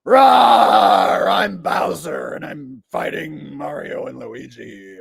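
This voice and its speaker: A man's voice: mid-range voice, expressive, takes it slowly, creaky, a bit bright, breathy edge, no room sound, studio quality, exaggerated voice. A man voicing a roaring monster king villain in a put-on growl.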